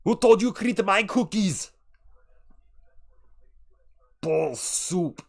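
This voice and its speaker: A man putting on a gruff, muscular action hero with an Austrian accent, barking movie one-liners. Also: high-pitched, animated, measured pace, pitched above the performer's own voice, full character voice. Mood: blustering.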